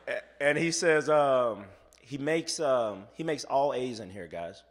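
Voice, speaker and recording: A man giving a motivational keynote speech, telling a story and acting out the voices of the people in it, going from soft to loud. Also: medium pitch, lively intonation, measured pace, hardly any pauses, long reverb tail. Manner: acts out quoted voices. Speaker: motivational speaker.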